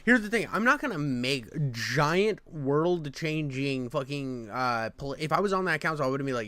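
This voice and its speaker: A man's voice: fairly high pitch, expressive, moderate pace, few pauses, pushed and bright, no room sound. A man streaming his reaction to a video, ranting bluntly and sarcastically, with a lot of swearing. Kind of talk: casual profane commentary rant.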